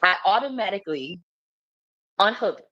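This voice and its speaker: A woman in a loose, casual storytelling monologue, talking as a spiritual reader and teacher to her audience. She rambles and restarts, laughs often and swears freely. Her voice sits at an ordinary middle pitch. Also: animated, normal speed, pushed and bright, no room sound, muffled recording.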